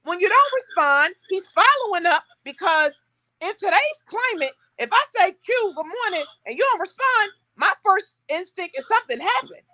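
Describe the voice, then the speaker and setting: A young woman hosting a casual chat, telling stories with animated, acted-out quotes. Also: extremely high pitch, normal speed, dry recording. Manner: animated storytelling, acting out quotes. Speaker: podcast host.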